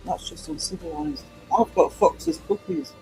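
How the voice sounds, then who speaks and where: A man's voice: high-pitched, wildly swooping pitch, moderate pace, gravelly, music in the background, low-quality recording. A man, an artist chatting casually and rambling to his stream viewers as he works, laughing easily.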